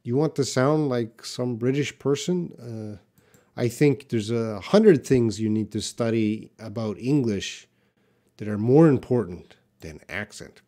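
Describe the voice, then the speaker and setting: Slow-paced English teacher man. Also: medium pitch, dark tone. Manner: patient, explains with short example sentences. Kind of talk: live Q&A lesson, reading viewer comments.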